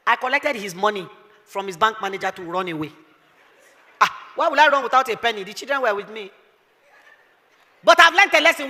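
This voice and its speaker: A woman's voice: high-pitched, lively intonation, brisk, long pauses, sharp tone. Lady pastor preaching hard, lots of rhetorical questions, big hall reverb. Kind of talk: sermon.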